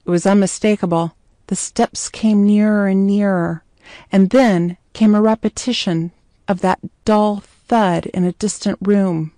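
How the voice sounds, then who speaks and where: A woman's voice: medium pitch, steady tone, unhurried, dark tone, dry recording, studio quality. Woman narrating a story.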